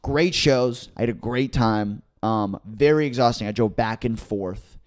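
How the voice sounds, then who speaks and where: Rambling young comedian telling a story. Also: male voice, medium pitch, measured pace. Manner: rambling storyteller who acts out what others said. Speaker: stand-up comedian and podcast co-host. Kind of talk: casual comedy podcast chat.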